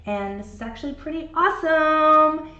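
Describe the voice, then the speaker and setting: A woman's voice: high voice, expressive, moderate pace, pushed and bright. A woman in her forties, chatty and encouraging, giving a live painting lesson. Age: 40s. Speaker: art instructor. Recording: roomy, dull sound.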